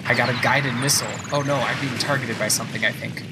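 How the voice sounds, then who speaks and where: Guy casually commentating a kart race as he plays, excitable and rambly, game music in the background. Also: medium pitch, quick pace, poor audio. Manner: excitable, chatty, thinks aloud while playing. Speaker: podcast host playing a video game. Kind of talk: casual let's-play commentary.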